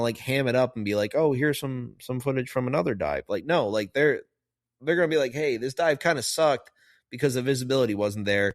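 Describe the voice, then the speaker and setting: A man's voice: medium pitch, no room sound, clean studio sound. A man hosting a podcast, talking in a chatty, rambling way full of fillers. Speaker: podcast host, marine biologist. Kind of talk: casual podcast commentary.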